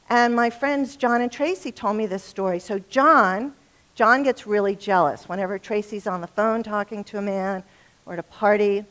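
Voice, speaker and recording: Speaking to a live audience about relationships, a middle-aged woman is chatty and funny, often asking the room questions. Her mid-range voice has a fairly bright tone and a moderate pace.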